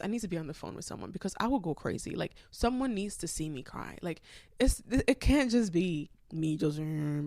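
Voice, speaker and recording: A young adult woman hosting a solo podcast, chatting in an animated way with lots of filler words. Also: medium pitch, no room sound, studio quality. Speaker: podcast host. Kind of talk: casual solo podcast chat.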